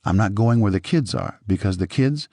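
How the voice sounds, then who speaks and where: A man's voice: lowish voice, expressive, normal speed, darkish tone, no room sound, clean studio sound. A man voicing a frightened woman calling the police, pleading in repeated appeals.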